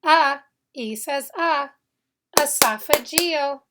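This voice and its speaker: A woman teaching an English phonics lesson, speaking slowly and deliberately, stretching out sounds and repeating words for learners to echo. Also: high voice, very noisy.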